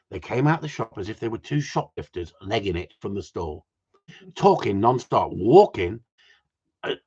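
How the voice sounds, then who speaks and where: In lo-fi audio, a live-stream host launches into an animated, expletive-heavy story, the whole thing playing out as a loose rant. He speaks at a medium pitch with a slightly rough edge.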